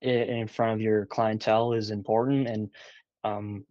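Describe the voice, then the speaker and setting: A man's voice: on the low side, level tone, normal speed, dark tone, dry recording. A man in his twenties, a guest in a casual interview chat, talking hesitantly with lots of fillers and restarts. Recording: dull dry sound.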